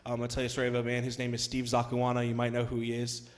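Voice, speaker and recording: Young male youth pastor, mid-pitched, chatty sermon delivery with fillers, building to loud emphatic peaks. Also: completely flat delivery, rapid-fire. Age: young adult. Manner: conversational, many fillers, rises to loud emphatic passages. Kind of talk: sermon with storytelling.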